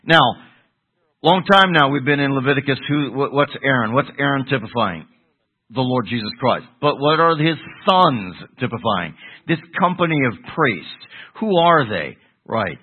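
A man's voice: mid-range voice, animated, moderate pace, slightly rough. An older man, a pastor, teaching a Bible sermon, putting questions to the congregation and answering them himself. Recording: tinny phone-like radio broadcast.

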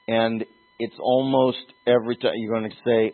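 A man preaching a sermon as pastor, earnest and emphatic, with pauses and restarts. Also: mid-range voice, little pitch movement. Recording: tinny phone-like lo-fi sound.

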